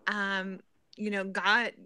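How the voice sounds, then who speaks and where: A woman chatting earnestly on a live stream, giving gently preachy, faith-centred advice. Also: mid-range voice, flat delivery, takes it slowly, smooth, no echo. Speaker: guest in a live chat. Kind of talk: casual chat.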